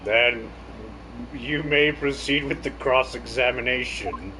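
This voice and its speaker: A man's voice: mid-range voice, slow, background noise, close to an everyday voice. A man reading as a stern judge. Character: stern male judge giving orders in court. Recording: game music playing behind.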